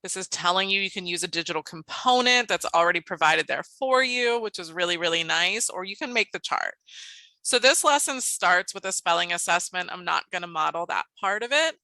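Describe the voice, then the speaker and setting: Bright-voiced woman presenting a model lesson. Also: fairly low pitch, brisk, no room sound, low-quality recording. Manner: upbeat, animated teacher voice in the modeled lesson; explanatory, steady presenter talk. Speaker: teacher presenter.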